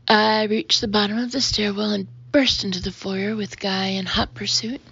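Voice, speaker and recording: A woman reading a first-person audiobook, lively and expressive, emphatic in the dialogue. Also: mid-range voice, normal speed, few pauses, breathy edge, no room sound. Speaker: audiobook narrator. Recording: dull, muffled audio.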